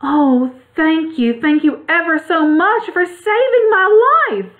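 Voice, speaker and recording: A woman voicing a tiny, proud female mouse queen with a high, squeaky voice in a storybook reading. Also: slow pace. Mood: grateful. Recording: tinny phone-like sound.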